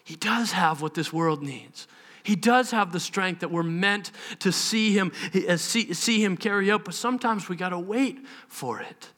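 A man's voice: high-pitched, normal speed, fairly bright tone. A man preaching a live church sermon, earnest and impassioned, acting out prayers and the voices of other people. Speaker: pastor. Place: church service.

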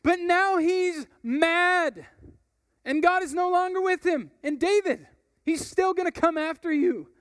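A man playing a furious male soldier who shouts his frustration at his leader, read dramatically from a book. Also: very high voice, measured pace, no room sound, clean studio sound, long reverb tail, voice pushed up. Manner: loud, shouting, pleading. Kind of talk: dramatic reading of a book passage.

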